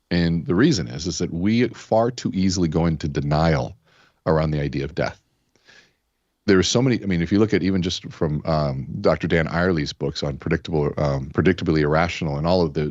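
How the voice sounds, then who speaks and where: His voice sits low with a darkish tone, and the audio is dull with no room sound. Interviewed as a podcast guest, this keynote speaker tells stories conversationally, performs the people he quotes, and scatters fillers such as "you know" throughout.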